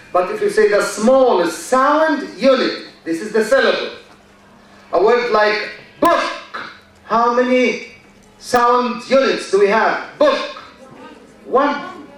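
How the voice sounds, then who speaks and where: A man with an Egyptian accent and a fairly high voice lecturing university students at a slow, measured pace. He repeats their answers back and praises them. The sound is a very echoey hall, picked up from far off. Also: fairly bright tone. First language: Arabic. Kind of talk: classroom lecture with questions to students.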